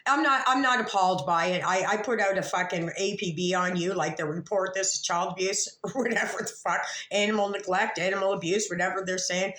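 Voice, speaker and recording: Speaking a little fast with few pauses, this woman has a medium-pitched, fairly bright voice. She's a YouTube commentator whose casual talk rambles, swears freely, and keeps restarting, recorded in an echoey room.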